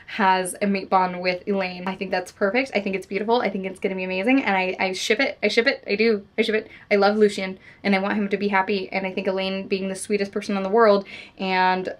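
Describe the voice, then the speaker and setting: Excitable gushing woman talking books. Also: mid-range voice, fast. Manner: gushing and excitable, swears freely. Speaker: book vlogger. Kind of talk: casual spoiler book discussion.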